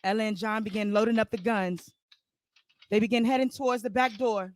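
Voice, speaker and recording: A man's voice: sits high, steady tone, fast. A man hosting a podcast, telling a comic improvised story with loose, rambling asides to listeners. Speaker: podcast host.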